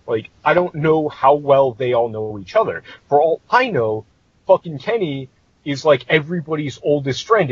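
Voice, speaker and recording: A man tells a tabletop game story on a podcast, swearing freely and sounding exasperated. His voice is husky and swings widely up and down. It comes through a dry, dull lo-fi mic. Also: a little high, no echo. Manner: profane, animated, exasperated. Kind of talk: casual storytelling.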